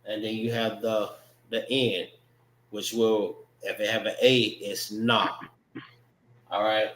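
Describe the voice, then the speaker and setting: A man teaching a religious language class, speaking slowly and repeating words as he spells them out. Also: lowish voice, level tone, fairly bright tone, roomy sound.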